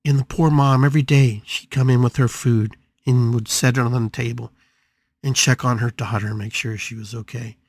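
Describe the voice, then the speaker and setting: A man's voice: mid-range voice, fairly even intonation, normal speed, dry recording. A man hosting a spiritual podcast, telling a story dramatically with emphatic repetitions. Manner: dramatic, emphatic, repeats phrases for effect. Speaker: podcast host.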